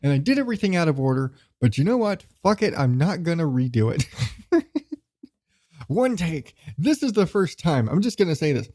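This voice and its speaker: A man hosts his solo podcast in a loose, unscripted ramble. His voice sits a bit high for a man, and he swears freely and laughs as he goes. He talks like he is chatting with friends. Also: sing-song, normal speed, dark tone. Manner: rambling, profane, chuckling often. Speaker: podcast host. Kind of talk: solo casual podcast monologue.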